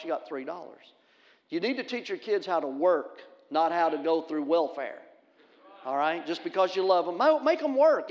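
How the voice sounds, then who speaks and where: A middle-aged male pastor, preaching a sermon in a folksy, animated storytelling manner and acting out the voices in his stories. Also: on the high side. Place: church sanctuary. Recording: long hall reverb.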